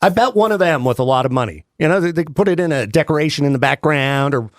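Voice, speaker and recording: A man's voice: fairly high pitch, lively intonation, fast talker, no echo, studio quality. A man co-hosting a radio podcast, bantering casually with fillers. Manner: loose, laughing banter with fillers. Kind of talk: casual talk-show banter.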